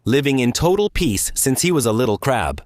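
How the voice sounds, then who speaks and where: A man narrating a video game's story as a let's-play recap, casual and lively, with offhand asides to viewers. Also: medium pitch, fairly quick. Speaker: gaming YouTuber.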